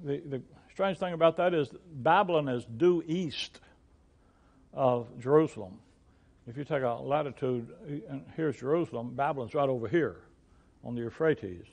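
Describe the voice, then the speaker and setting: A man's voice: mid-range voice, moderate pace, darkish tone. An older man, a pastor, teaching through a Bible passage, often restarting and repeating words, and reading verses aloud in old-fashioned wording.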